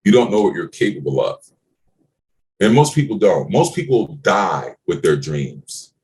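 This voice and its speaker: Middle-aged male mentor, podcast chat, blunt and profane, very lively pitch. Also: measured pace. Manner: blunt, swearing, preachy, emphatic. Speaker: business mentor. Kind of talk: motivational podcast talk.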